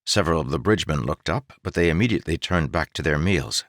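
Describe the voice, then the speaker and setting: A man reads an audiobook in a very deep voice with lively, rising and falling intonation. His delivery is steady. The recording is dry and close, with no room sound. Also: fairly quick, hardly any pauses, no room sound. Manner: steady narration. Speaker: narrator. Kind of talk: audiobook reading.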